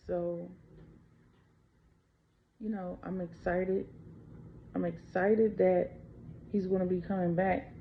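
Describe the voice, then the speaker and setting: A woman's voice: on the low side, creaky. A woman from the United States telling a personal story to camera in a raw, unscripted way full of fillers. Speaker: channel host. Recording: dull lo-fi with faint background noise.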